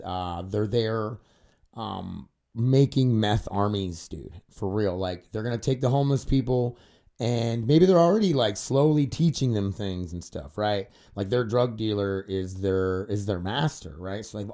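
A man's voice: mid-range voice, dark tone. A man hosting a solo podcast monologue, rambling and swearing freely, with frequent fillers like "uh" and "dude". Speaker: podcast host.

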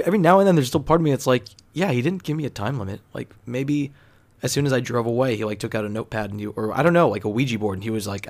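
A man telling a story in a casual, rambling monologue, full of fillers and swearing. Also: medium pitch. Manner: rambling, profane, filler-heavy.

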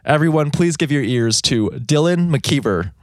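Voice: mid-range voice, animated, moderate pace, no echo, clean studio sound. Playful, teasing podcast co-host. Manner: playful, teasing, laughs often. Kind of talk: casual chat.

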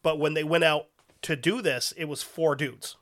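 Dude hosting a podcast, swears a lot, rambles around, voice sits a bit high. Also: male voice, moderate pace, fairly bright tone. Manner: profane, rambling storyteller. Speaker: podcast host. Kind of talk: casual chat.

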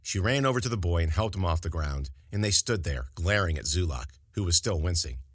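A man narrating a fantasy story as an audiobook in an expressive, dramatic reading. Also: sits low, a little fast, no echo, clean studio sound.

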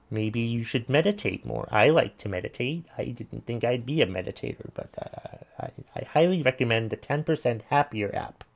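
With a gravelly, lowish voice, a podcast host works through listener messages on his casual commentary show. He rants bluntly and swears as he responds to them.

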